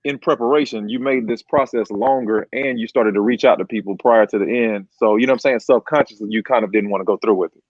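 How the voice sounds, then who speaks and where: Fast-talking man, dull dry audio. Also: fairly low pitch. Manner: probing, sums up what the guest said. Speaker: co-host. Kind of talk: interview questions and reflections.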